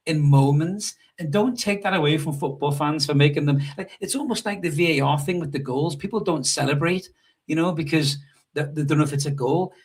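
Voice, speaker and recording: A man co-hosting a live fan show from a hotel room, talking football in a sweary, animated way and telling stories. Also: fairly high pitch, slightly rough. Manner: sweary, animated storytelling with mimicked shouts. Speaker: podcast co-host. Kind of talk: casual live fan chat. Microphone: remote call over hotel Wi-Fi.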